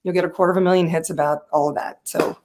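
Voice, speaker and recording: A woman's voice: on the low side, steady tone, racing, a little mellow, a little hiss or hum. A woman speaking as a guest on a talk show, telling a personal story with animation, often laughing and acting out the voices of people she quotes. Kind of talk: conversational storytelling.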